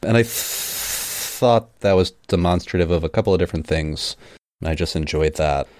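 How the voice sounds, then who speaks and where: A man with a very deep voice talks casually about a book with a co-host, laughing easily and now and then reading passages aloud. The sound is dry and close. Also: normal speed, no room sound. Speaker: podcast co-host.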